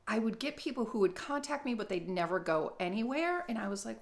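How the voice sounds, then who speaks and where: Middle-aged woman, gravelly, slightly high voice, blunt, swearing, rambling comic vlogger. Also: expressive, a little fast, hardly any pauses. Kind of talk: casual comedic monologue.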